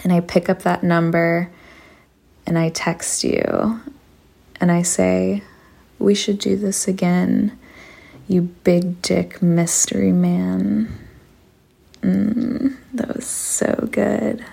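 Slow, sultry woman with heavy vocal fry. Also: on the low side, little pitch movement. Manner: slow, hushed and sultry, drifting into whispers. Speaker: podcast host. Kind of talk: intimate erotic storytelling.

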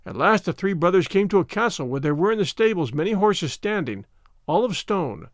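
A man reading fairy tales aloud in a measured, expressive storytelling manner. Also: high voice, dry recording, studio quality.

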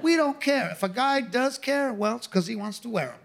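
A man's voice: extremely high pitch, lively intonation, a little fast, creaky. A middle-aged man from New Mexico doing a punchy, conversational stand-up set. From New Mexico, USA. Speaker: stand-up comedian. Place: comedy club stage. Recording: live club with loud crowd laughter.

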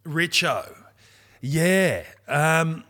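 An Australian man in his thirties telling a long funny story in casual podcast chat, jumping into loud quoted voices. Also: on the high side, lively intonation, drawn-out words.

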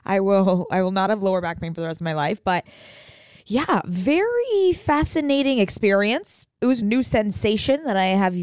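A bubbly, playful young woman co-hosting a casual podcast at an ordinary middle pitch. Her voice sounds dry and close, with no room around it. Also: sing-song, moderate pace, darkish tone, clean tone, no room sound. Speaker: podcast co-host. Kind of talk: casual chat.

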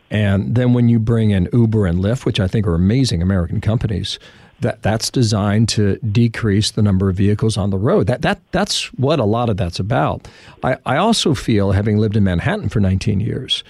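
A man hosting a podcast, chatting and giving his own opinions in a lively way. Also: on the low side, creaky, husky, no echo. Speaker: podcast host.

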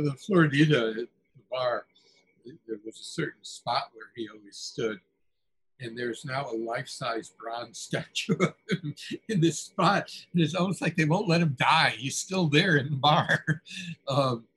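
An older man speaking in a husky, breathy voice, at a middle pitch for a man. He's the author guest in an interview, telling anecdotes conversationally, often chuckling and tripping over his words. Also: a little slow, a bit bright, low-quality recording. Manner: chuckling anecdotal storyteller with frequent restarts.

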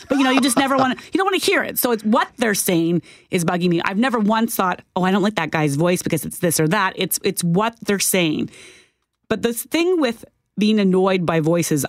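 A woman's voice: medium pitch, dry recording. A woman co-hosting a talk radio show in a studio, thoughtful and questioning as she reads listener comments and leads the discussion. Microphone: studio microphone.

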